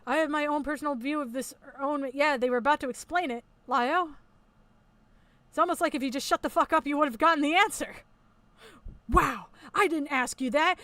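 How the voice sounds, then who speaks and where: A woman's voice: sits high, brisk, bright, forceful tone, dry recording. A woman hosting a commentary video, mocking and sarcastic, swearing a lot as she talks over a recorded call.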